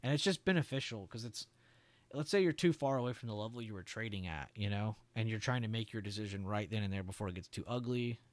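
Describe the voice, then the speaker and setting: A young man talks through his market charts on a live stream in a low, easygoing voice. He chats with viewers, swears casually and laughs easily. The sound is dry and close, with no room around it. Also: fast, no echo. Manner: relaxed, chatty, swears and laughs, answers viewers. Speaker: trading stream host.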